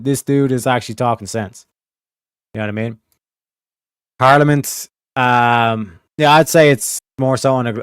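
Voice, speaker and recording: A man's voice: mid-range voice, clear, resonant tone, dry recording, studio quality. A man from California with a rural, Southern-tinged accent, rambling and swearing as he chats with his stream audience. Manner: profane, rambling, talks to chat. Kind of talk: casual livestream commentary.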